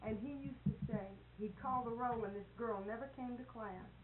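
A woman's voice: a little high, fairly quick. Chatty woman telling stories. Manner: chatty anecdotal storyteller. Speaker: schoolteacher. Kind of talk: casual conversation. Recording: lo-fi phone-like tape with hiss.

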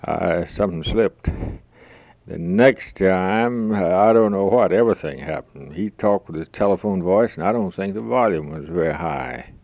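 A middle-aged man making a home tape recording and chatting with family, halting and repeating himself with many fillers. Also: deep voice, animated, vocal fry. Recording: lo-fi hissy old home tape.

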